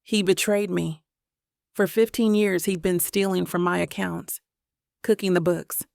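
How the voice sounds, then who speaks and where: A woman voicing a troubled wealthy man who speaks in a low, measured, pained way. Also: fairly even intonation, creaky, a little mellow, no echo, studio quality.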